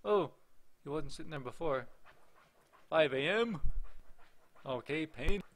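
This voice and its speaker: A man's voice: on the high side, expressive, takes it slowly. A man giving casual let's play commentary on a horror game, rambling and joking, often talking straight to the game's characters. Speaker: gameplay commentator.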